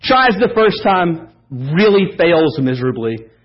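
A man preaching a sermon as pastor, telling stories in an animated, joking way. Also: on the high side, unhurried. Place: church service. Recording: dull lo-fi sermon audio.

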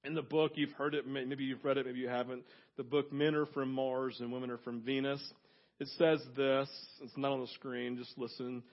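A man preaching a sermon, emphatic, swinging between fervent loud stretches and hushed asides. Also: medium pitch, level tone, normal speed, muffled recording. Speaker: pastor.

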